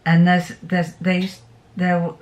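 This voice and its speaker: A woman's voice: on the low side, monotone, slow pace, darkish tone. A middle-aged woman chatting casually in a sewing vlog, rambling fondly through a homely story. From England. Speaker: sewing vlogger. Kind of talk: casual chat.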